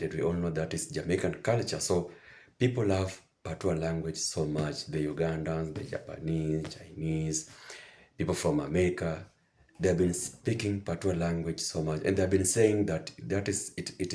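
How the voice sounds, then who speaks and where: Deep-voiced man hosting a reaction video. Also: a little mellow. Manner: enthusiastic and repetitive, circling back to his points. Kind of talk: casual commentary to viewers.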